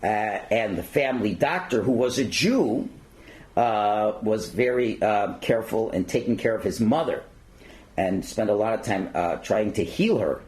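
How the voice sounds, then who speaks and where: A man's voice: fairly low pitch, lively intonation, measured pace, a little mellow, low-quality recording. A man lecturing at a synagogue learning centre, reading passages aloud and then commenting in his own words with fillers. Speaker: rabbi lecturer.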